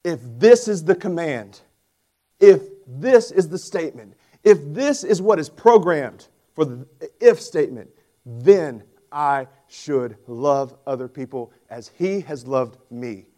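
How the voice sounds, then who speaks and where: A man in his forties preaching a sermon as pastor, with animated, emphatic storytelling. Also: on the high side, takes it slowly.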